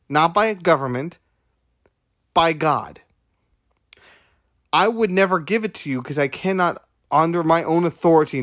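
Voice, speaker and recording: A man's voice: on the high side, a bit bright, dry recording, studio quality. Emphatic man preaching on a podcast. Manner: emphatic, preachy, repeats points with rhetorical questions. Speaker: podcast host. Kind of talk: podcast monologue retelling a conversation.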